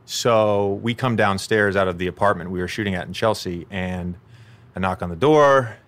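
A man hosting a podcast, telling stories in a relaxed, rambling way that often corrects itself mid-sentence. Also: deep voice, normal speed. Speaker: podcast host. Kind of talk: casual storytelling chat.

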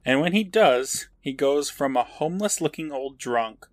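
A man's voice: medium pitch, lively intonation, moderate pace, no room sound. Guy recapping a show on a podcast, voice jumps all over, laughing and swearing, dry close sound. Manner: laughs while narrating, swears casually, acts out quotes. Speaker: podcast co-host. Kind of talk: casual episode recap.

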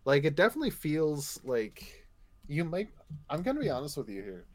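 A man's voice: on the high side, huge pitch swings, normal speed, a little mellow. A man co-hosting a casual comic book podcast, playful, laughing often and swearing freely. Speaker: podcast co-host.

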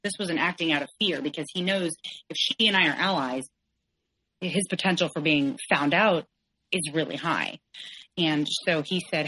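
A woman in her forties speaks in a low voice. She retells a hard stretch of her life with candor, quoting the people involved. She talks as a podcast guest. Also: normal speed, sharp tone, poor audio. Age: 40s. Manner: candid, tense retelling, quotes others in shifting voices. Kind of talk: personal story in an interview.

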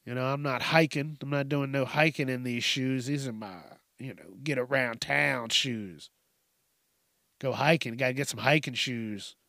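A man hosting a casual, profane, joking news commentary from his desk at home, rambling and breaking into squeaky voices. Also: moderate pace, vocal fry, sharp tone, no echo, studio quality.

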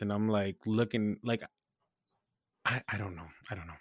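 A man from New Hampshire tells a story in a loose, animated way, swearing freely and breaking into laughter. His voice sits fairly low. The recording is dry and close. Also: moderate pace, no room sound. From New Hampshire, USA. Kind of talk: casual chat.

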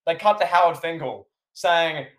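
A man's voice: on the high side, normal speed, slight background noise. A man co-hosting a podcast, recapping a wrestling match in casual chat and acting out the commentators' lines. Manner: animated, acts out commentators' lines. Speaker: podcast co-host.

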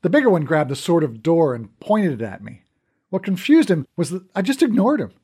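A man narrating a first-person adventure story in an animated, expressive way. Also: on the high side, brisk, slightly rough.

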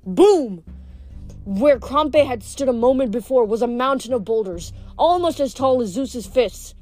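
A woman reading a novel aloud, steady but with small slips she corrects as she goes. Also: a little high, measured pace, soft background music. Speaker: reader.

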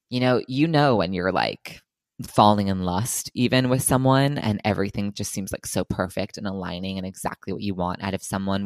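A woman's voice: very deep voice, no room sound. A woman co-hosting a podcast, telling candid personal stories in casual chat. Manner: candid, storytelling with asides.

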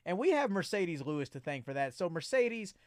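A woman's voice: lowish voice, fairly quick, dry recording, studio quality. A woman hosting a podcast, playfully joining in improvised comedy bits. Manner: playful, lively, joins in on bits. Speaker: podcast host.

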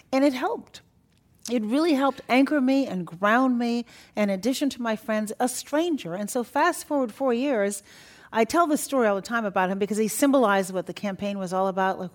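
An older woman tells stories as an interview guest, chatty and animated, laughing often. Her voice rises and falls in lively swings. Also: medium pitch. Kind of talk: storytelling in an interview.

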